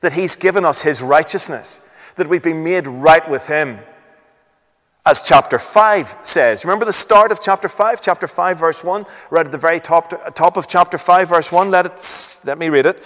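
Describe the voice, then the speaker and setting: A man's voice: on the high side, moderate pace, a bit bright, big-room sound. A man preaching a sermon, asking rhetorical questions, reading scripture aloud and stressing points emphatically.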